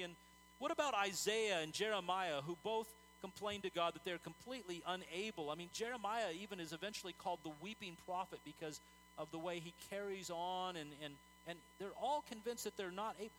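A man's voice: high voice, brisk, a bit bright, soft background music, low-quality recording. A man preaching a sermon in an earnest, conversational way, telling stories with many fillers and restarts.

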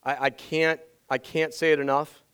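High-voiced energetic preaching man. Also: normal speed, smooth, poor audio. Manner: energetic, emphatic repetition. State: voice strained from yelling. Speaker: pastor. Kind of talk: sermon.

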